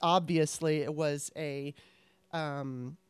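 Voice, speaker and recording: A woman in casual chat, telling stories in an animated way and laughing often. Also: low voice, slow pace, clear, resonant tone, dry recording.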